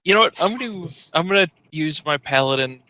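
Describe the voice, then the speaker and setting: A man's voice: a little high, lively intonation, a little fast, bright, forceful tone, poor audio. A man playing his character in a tabletop game, casual and hesitant. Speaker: player.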